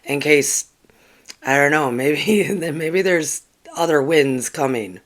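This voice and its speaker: Slow, rambling livestream host. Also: medium pitch. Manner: rambling, with frequent ums and restarts; earnest and chatty, talking directly to viewers. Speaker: spiritual channel host. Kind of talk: casual livestream with oracle card readings.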